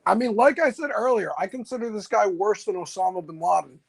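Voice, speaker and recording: A man's voice: high voice, brisk, creaky, husky. A man calling into a casual talk show, giving blunt, short answers. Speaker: guest caller. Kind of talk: casual live show chat.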